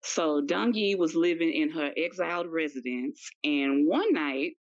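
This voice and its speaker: Woman, podcast guest, very low voice, relaxed slangy chat, dull lo-fi recording. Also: a little slow. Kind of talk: casual chat. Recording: dull lo-fi sound.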